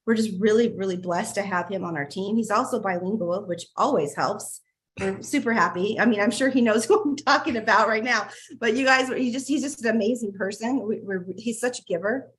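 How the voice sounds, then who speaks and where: A woman's voice: mid-range voice, a little fast. Gushing woman hosting a video call. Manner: warm, gushing, laughs often, restarts sentences. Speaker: host of a members' video call. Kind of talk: casual group video call.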